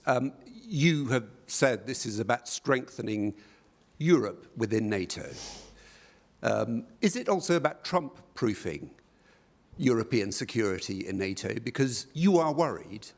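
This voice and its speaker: Reporter pressing a question. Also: male voice, mid-range voice, gravelly. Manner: probing, pressing. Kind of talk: asking a question at a press conference.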